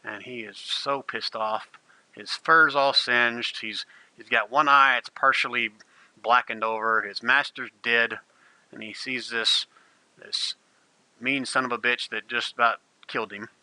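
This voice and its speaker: A man in the game master's seat, narrating a tabletop battle with vivid, gleeful relish. His voice is very bright and forward. It sounds close and dry, with no room around it. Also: medium pitch, fairly even intonation, measured pace, dry recording, low-quality recording.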